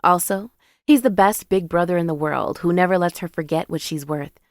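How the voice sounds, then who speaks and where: Woman, first-person romance narration, confiding, lowish voice, dry close sound. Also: moderate pace, no echo.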